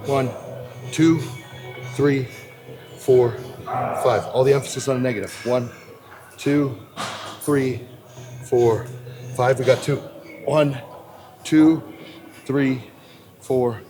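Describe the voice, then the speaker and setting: A man working as a personal trainer, calling out terse commands and counting reps aloud. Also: mid-range voice. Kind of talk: gym coaching. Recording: background music.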